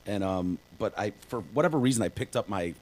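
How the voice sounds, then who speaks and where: A man's voice: on the low side, expressive, a little fast, darkish tone, poor audio. A man co-hosting a podcast in casual chat, telling stories loosely with lots of fillers and swearing. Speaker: podcast co-host.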